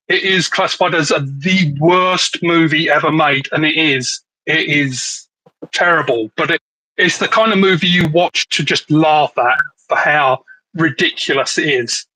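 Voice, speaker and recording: A man's voice: a little high, sharp tone, no echo, low-quality recording. A man with an English accent chatting on a live stream, joking and rambling with lots of "like". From England. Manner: joking, rambling, says "like" often. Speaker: livestream co-host. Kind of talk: casual live chat.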